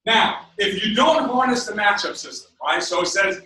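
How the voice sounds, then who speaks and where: A man giving a live sales training seminar, energetic, checking in with his audience and acting out conversations. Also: sits high, normal speed, few pauses. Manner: acts out dialogue with quoted voices. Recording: echoey room, mic far off.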